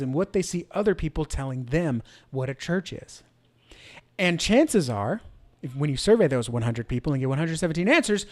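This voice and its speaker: A man's voice: high voice, a little mellow. A middle-aged man hosting a church marketing show, talking energetically to camera with many rhetorical questions. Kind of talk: instructional talk to camera.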